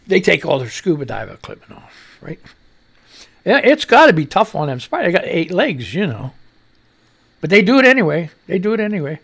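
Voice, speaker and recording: Gravelly, animated male radio host. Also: on the high side, a little fast. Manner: rambling, joking, reads headlines and posts aloud. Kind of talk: rambling comedic news commentary.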